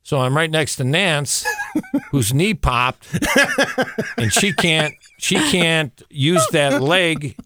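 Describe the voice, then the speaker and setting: A man's voice: fairly high pitch, lively intonation, slow, bright, forceful tone, slight background noise. A man telling a long story as a guest on a radio show, repeating words and chuckling as he goes. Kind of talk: casual storytelling.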